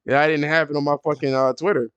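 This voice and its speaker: A man hosting a casual podcast, telling stories in an animated, profane way and jumping high when he quotes people. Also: quick pace, clean tone, no echo, highs cut off. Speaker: podcast host.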